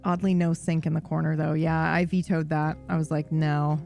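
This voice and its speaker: A woman's voice: low-pitched, level tone, brisk, gravelly, darkish tone, faint music behind. A woman livestreamer in casual chat, rambling and swearing freely with a self-deprecating streak.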